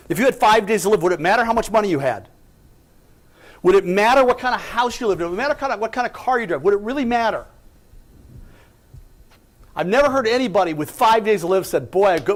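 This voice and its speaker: Storytelling man with a raised voice. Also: high-pitched. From United States. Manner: storytelling, rhetorical questions, emphatic. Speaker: company president giving a talk. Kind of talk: inspirational speech.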